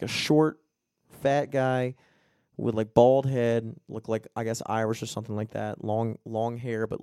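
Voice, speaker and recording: A young man chats casually on a podcast, swearing as he tells animated stories. His voice sits at a middle pitch. It is recorded close and dry. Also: no room sound. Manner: profane, animated storytelling. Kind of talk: casual chat.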